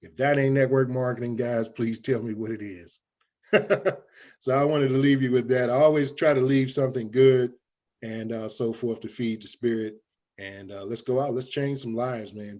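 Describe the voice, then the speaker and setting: Man giving a preachy motivational pitch. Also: steady tone, normal speed, darkish tone, muffled recording. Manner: preachy, folksy, keeps addressing "guys". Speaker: guest. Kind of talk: motivational interview talk.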